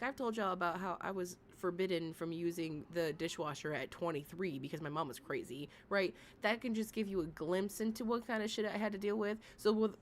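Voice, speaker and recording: A woman's voice: mid-range voice, slight background noise. A woman of thirty hosting a casual livestream, reacting bluntly and sassily and swearing freely as she talks to her chat. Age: 30s. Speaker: livestream host reacting to another streamer.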